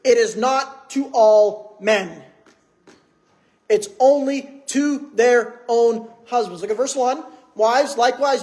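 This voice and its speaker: A man's voice: very high voice, slow pace, a little mellow. A man preaching a sermon in church, conversational, with many rhetorical questions. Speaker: pastor.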